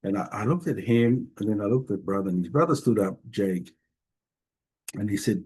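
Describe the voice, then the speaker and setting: A middle-aged man with a slightly low, husky voice tells stories from his work as a family doctor. He talks in an easygoing, jokey way, often stopping and restarting his sentences. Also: lively intonation, moderate pace. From Tonga. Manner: warm, jokey storyteller with frequent restarts. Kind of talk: storytelling interview talk.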